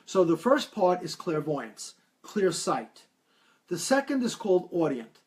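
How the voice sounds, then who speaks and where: Guy livestreaming as a medium, higher voice, acts out the people he quotes. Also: sing-song, measured pace. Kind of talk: live-stream talk answering viewer questions.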